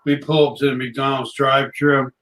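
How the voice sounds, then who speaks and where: A man telling a chatty, animated anecdote in casual conversation. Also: medium pitch, normal speed, low-quality recording. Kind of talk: casual storytelling.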